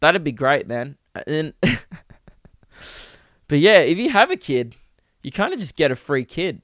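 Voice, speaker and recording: A man's voice: on the high side, very animated, unhurried, fairly bright tone, no room sound, studio quality. A young man hosting a comedy podcast, riffing crudely and acting out silly bits. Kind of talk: rambling comic monologue.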